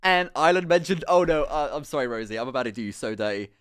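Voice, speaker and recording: A young man, streaming live and telling a story in an animated, rambling way, swearing often and breaking off into asides. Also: medium pitch, quick pace, smooth. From England. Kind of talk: casual storytelling to a live chat.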